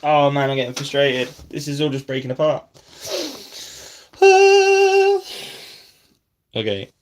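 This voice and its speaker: Quick and fairly even in intonation, this mid-range male voice belongs to a brick-building vlogger. He chats casually to himself as he builds, jokes at his own expense, and at moments drops to a near whisper in concentration.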